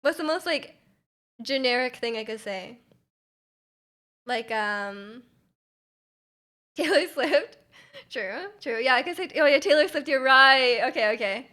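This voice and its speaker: A woman's voice: on the high side, animated, unhurried, pushed and bright. A young Canadian woman streaming live, chatting casually with her viewers, giggling and rambling with many restarts.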